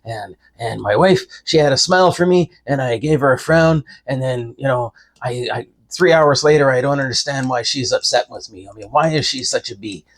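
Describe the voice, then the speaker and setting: A man's voice: mid-range voice, moderate pace, few pauses, lightly acted. A man voicing a sulky husband who grumbles in a confused, whiny way. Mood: grumbling. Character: sulky, bewildered husband home from driving.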